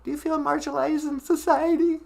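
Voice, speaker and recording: A man's voice: extremely high pitch, flat delivery, fairly quick, creaky, a little mellow, pitched above the performer's own voice. A man voicing a giggling, teasing sidekick who keeps asking nosy questions.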